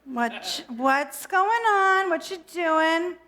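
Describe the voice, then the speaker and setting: A woman's voice: very high-pitched, animated, very slow, pushed and bright, pitched above the performer's own voice, exaggerated voice. A woman voicing God as a casual valley-girl woman who speaks with a drawling, sing-song manner. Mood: curious. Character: breezy valley-girl God, female, kindly.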